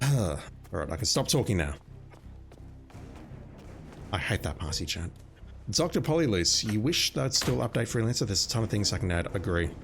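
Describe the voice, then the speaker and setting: A man with an Australian accent chatting casually with his viewers while playing a game, self-deprecating and talkative. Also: low voice. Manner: chatty, self-deprecating, talks to chat by name. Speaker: streamer. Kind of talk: casual gameplay commentary.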